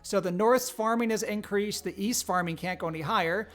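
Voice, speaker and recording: A man's voice: high voice, fairly quick, a bit bright. Jokey male game-host narrator. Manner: upbeat, jokey, laughs often. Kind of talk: live-streamed tabletop game narration.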